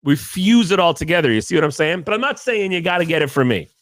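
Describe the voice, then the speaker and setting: A man hosting his podcast alone, swinging his pitch up and down as he rambles through jokey asides. The sound is close and dry, with no room around him. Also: expressive, fast, a bit bright, dry recording. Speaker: podcast host. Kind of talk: casual monologue.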